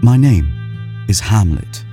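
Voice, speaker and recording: A brooding, melancholy prince of Denmark, as a male narrator puts him on, speaking with an English accent. He is formal, courteous and mournful, his voice lower than the storyteller's own and with a different timbre. Faint music plays behind him. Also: expressive, slow.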